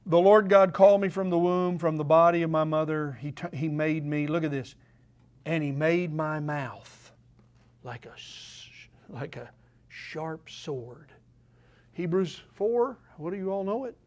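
An older man preaching a sermon, asking the congregation questions and swinging between loud declarations and quiet asides. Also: fairly high pitch, steady tone, moderate pace.

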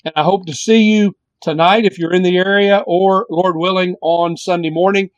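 Pastor guy preaching, earnest, keeps repeating lines, slightly high voice, dry close mic. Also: fairly even intonation, no echo, dull audio. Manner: earnest, repetitive preaching cadence with drawn-out emphasis. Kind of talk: sermon.

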